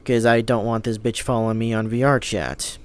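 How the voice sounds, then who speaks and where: A man's voice: fairly low pitch, little pitch movement, a little fast, smooth. A man vlogging a casual storytime in a frustrated, rambling way, swearing often and restarting his sentences.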